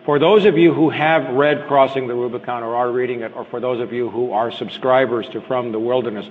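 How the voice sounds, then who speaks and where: A man's voice: medium pitch, fairly even intonation, fairly quick, a little hiss or hum. Blunt lecturing man in an echoey hall. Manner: conversational, blunt, asks the audience rhetorical questions. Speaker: lecturer addressing a live audience. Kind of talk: live public lecture. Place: lecture hall with a live audience. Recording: echoey hall, thin phone-like sound.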